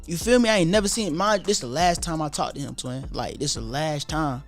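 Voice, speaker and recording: Young man, casual storyteller, slangy and animated, light music bed. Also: fairly high pitch, fairly quick. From Atlanta, USA. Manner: animated, profane street slang, acts out quoted voices. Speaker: YouTuber telling his story.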